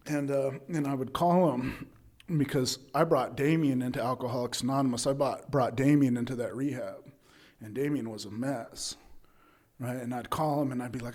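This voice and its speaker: A man's voice: medium pitch, steady tone, normal speed, a little mellow. A man speaking at a recovery meeting, telling his own story in a loose conversational way, full of "right?" and fillers and acting out what others said. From Utah, USA. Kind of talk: personal recovery testimony.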